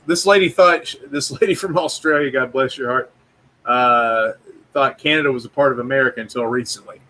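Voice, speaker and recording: A man hosting a podcast, joking loudly with crude banter in casual chat. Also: medium pitch, a little fast. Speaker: podcast host.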